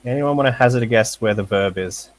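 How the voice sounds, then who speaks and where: A man teaching a casual lesson over a voice call, halting with fillers and short laughs. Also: mid-range voice, no echo, low-quality recording. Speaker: language teacher.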